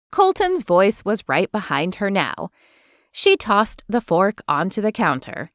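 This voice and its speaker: A woman narrating a romance audiobook in an expressive storytelling manner, recorded close to the mic. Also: mid-range voice, measured pace, no room sound. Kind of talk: scripted narration.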